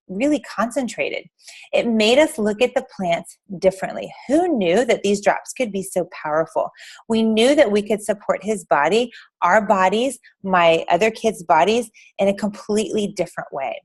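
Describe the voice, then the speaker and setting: Earnest chatty woman talking to a group. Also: mid-range voice. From Texas. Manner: earnest, chatty, addresses the audience directly. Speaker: speaker at an essential oil class. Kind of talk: informal talk to a small group.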